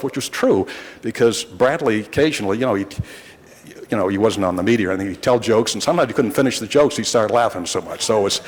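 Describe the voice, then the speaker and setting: Older guy rambling thru old reporter stories, dry wit, lowish voice echoing around a big council hall. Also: animated, quick pace. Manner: rambling, wry, with frequent restarts. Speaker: longtime city reporter addressing the council. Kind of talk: anecdotal storytelling. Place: city council chamber. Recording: reverberant council chamber.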